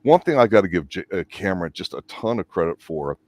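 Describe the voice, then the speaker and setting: Deep-voiced man giving his film take. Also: big pitch swings, quick pace, a little mellow. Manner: emphatic, lays out his opinions at length. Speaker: movie review co-host. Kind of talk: casual movie discussion.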